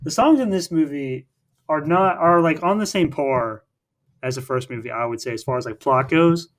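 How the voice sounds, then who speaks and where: Man, podcast co-host, casual chat, rambling recap, many fillers, fairly high voice. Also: moderate pace.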